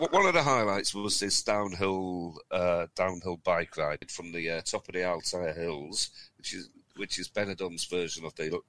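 A man's voice: low-pitched, sharp tone. A middle-aged man co-hosting a podcast, telling rambling, chuckling anecdotes in casual chat. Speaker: podcast co-host.

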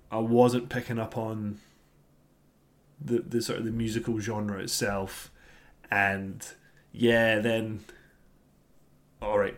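A man in his thirties co-hosting a podcast, ranting casually about an album he disliked and swearing freely. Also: lowish voice. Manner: grumbling, animated rants, swears freely. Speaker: podcast co-host. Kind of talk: casual album review chat.

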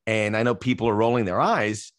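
A man hosting a casual soccer podcast, chatting and laughing easily with his guest, with quick asides. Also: fairly low pitch, no echo, clean studio sound. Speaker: podcast host.

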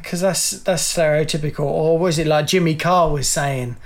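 A middle-aged man with a noticeably high-pitched voice, talking in a loose, rambling way and breaking into laughter as he goes. He co-hosts a casual chat podcast. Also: fairly even intonation, normal speed. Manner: chatty, laughs often, rambling. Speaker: podcast co-host.

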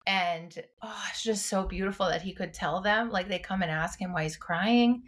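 A woman's voice: medium pitch, normal speed, fairly bright tone. A woman co-hosting a podcast as a clinician, chatting casually and retelling scenes with emotion. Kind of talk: casual chat.

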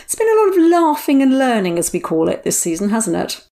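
A middle-aged woman, co-hosting a podcast, chatty and quick to laugh. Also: a little high, big pitch swings, vocal fry, warm tone. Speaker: podcast co-host. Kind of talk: casual chat.

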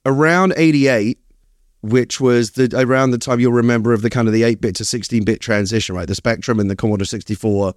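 A middle-aged man from East London whose British accent has turned partly American tells stories in an animated, rambling way, often restarting sentences. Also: mid-range voice, a little fast, no room sound, studio quality. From East London, England. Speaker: guest screenwriter. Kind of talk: casual interview chat.

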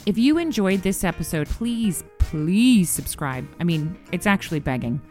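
A woman's voice: on the low side, big pitch swings, normal speed, a little mellow, soft background music. A woman hosting a podcast, chatting casually with a giggly, self-deprecating manner and reading an outro. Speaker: podcast host. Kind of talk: casual chat and scripted outro.

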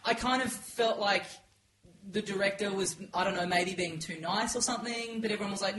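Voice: medium pitch, brisk. A podcaster telling a rambling comic anecdote, hesitant and full of fillers. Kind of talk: casual comedic anecdote. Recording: roomy, with crowd noise.

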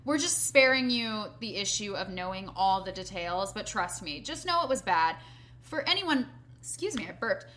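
Animated and profane, a woman co-hosts a podcast in casual chat and laughs often. Her voice is mid-range at a normal speed.

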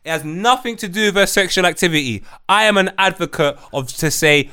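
A man's voice: fairly high pitch, brisk, hardly any pauses, pushed and bright, smooth. A man hosting a podcast, commenting bluntly and mockingly on online clips. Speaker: podcast host.

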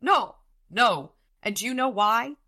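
A woman's voice: a little high, animated, slow pace, sharp tone, pitched above the performer's own voice, heavily acted. Woman reading a stubborn commanding wizard. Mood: forceful. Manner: firm, commanding, urgent. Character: stubborn, wounded wizard man taking charge.

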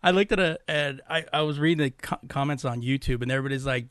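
A man's voice: medium pitch, quick pace, fairly bright tone, clear, resonant tone, dry recording. A man co-hosting a podcast in casual chat, laughing often and rambling through fillers as he recalls things. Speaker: podcast co-host.

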